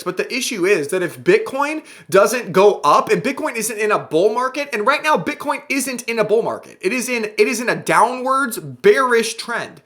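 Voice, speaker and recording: A man's voice: high-pitched, a bit bright. A man hosting a crypto video show, ranting at his viewers in an exasperated, sarcastic monologue.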